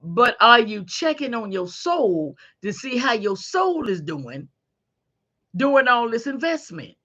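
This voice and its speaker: Animated folksy woman, slightly muffled. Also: a little high, slow pace. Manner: folksy and animated, calls listeners honey. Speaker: podcast host. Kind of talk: faith-based motivational talk.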